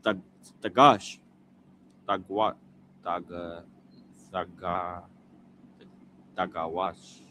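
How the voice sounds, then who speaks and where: A man reading scripture aloud slowly, sounding out each word in pieces and repeating after a prompter. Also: on the low side, bright, forceful tone, slight background noise. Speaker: scripture reader.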